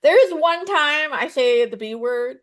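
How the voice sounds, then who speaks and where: Animated, storytelling woman comedian. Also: sits high, measured pace. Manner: animated storytelling, acts out voices in her jokes. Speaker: stand-up comedian and psychotherapist. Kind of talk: conversational interview answers.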